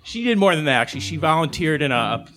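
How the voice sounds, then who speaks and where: Older guy, high voice, rambly salty live story, lots of restarts. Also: sing-song, quick pace, a bit bright. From Chicago's South Side.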